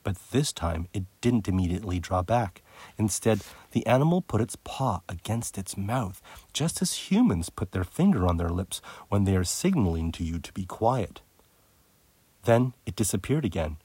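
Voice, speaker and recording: Man narrating a storybook, low voice, husky, lively intonation, expressive, dry close sound. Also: moderate pace, dry recording. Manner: expressive read-aloud with lively shifts. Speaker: audiobook narrator.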